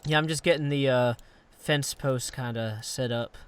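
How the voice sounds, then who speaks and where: A man hosting a casual chat while playing a video game, lively, joking and self-deprecating. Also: medium pitch, normal speed, a little hiss or hum. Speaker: gaming channel host.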